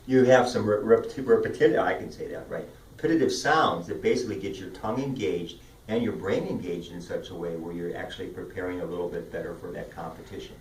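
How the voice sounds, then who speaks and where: A man coaching speech and debate students, upbeat and demonstrative as he walks through vocal warm-up drills. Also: sits low, fairly quick. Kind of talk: instructional talk. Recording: roomy sound from a distant mic.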